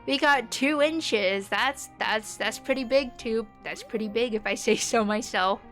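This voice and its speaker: This streamer, a young American woman with a neutral accent, talks a little slowly in a highish, slightly bright voice. She rambles casually to viewers as she plays, using many fillers, with soft music in the background.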